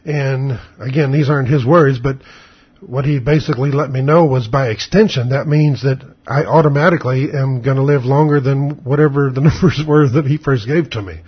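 Older man, husky voice, blunt and sarcastic, rambling storyteller, dull lo-fi recording. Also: mid-range voice, moderate pace. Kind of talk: casual spoken monologue.

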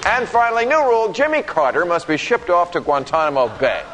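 A man's voice: high-pitched, lively intonation, a little fast, soft background music, low-quality recording. A man hosting a comedy show, delivering a sarcastic, mock-indignant satirical monologue. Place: studio stage before a live audience. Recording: stage mic with loud live audience.

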